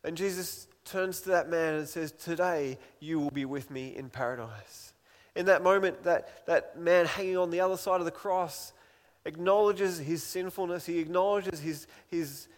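A man's voice: a little high, in a large hall. A man preaching an Easter sermon as a pastor, earnest and pleading, acting out voices from the scripture he reads.

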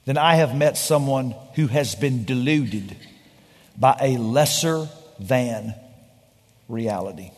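A man preaching a sermon as pastor, swinging between loud emphatic lines and hushed, slow ones. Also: mid-range voice. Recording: large hall with long reverb.

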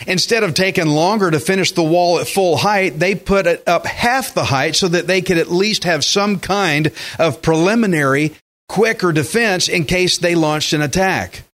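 Guy preaching a sermon, kinda high voice, animated, acts out the quotes. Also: normal speed. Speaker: pastor.

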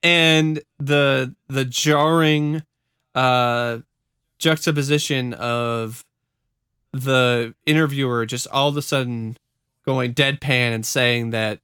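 A man's voice: medium pitch, steady tone, takes it slowly, sharp tone, smooth, dry recording, clean studio sound. A man talking in a casual chat, rambling with restarts. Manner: rambling, many fillers and restarts.

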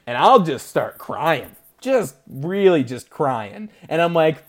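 A man's voice: fairly high pitch, very animated, takes it slowly. A man co-hosting a podcast, chatting casually about movies, laughing often and making fun of himself. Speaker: podcast co-host. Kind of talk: casual movie-review chat.

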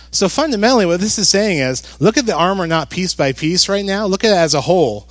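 A man preaching a sermon as a pastor, talking conversationally with jokes and animated emphasis. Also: high-pitched, brisk, few pauses, no echo.

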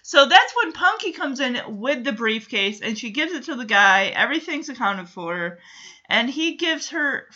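A woman recaps a show in a chatty, casual way, quick to react and poke fun. Her voice is bright and a little high. The recording is dull and lo-fi. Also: very animated. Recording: dull lo-fi sound.

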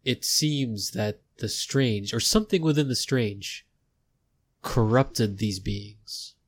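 A man's voice: mid-range voice, unhurried, lightly acted. A man voicing a polite, curious male head researcher who talks in a fussy, hesitant way. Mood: confiding.

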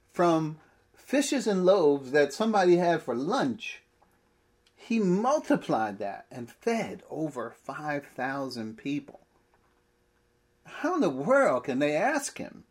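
Guy preaching a sermon, husky, pitch jumps all over, lots of rhetorical questions. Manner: animated, rhetorical questions, laughs mid-phrase.

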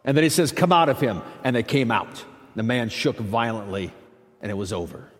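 A man's voice: fairly low pitch, lively intonation, fairly quick, long reverb tail. A man preaching a sermon as pastor, in a conversational, emphatic way with frequent asides. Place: church.

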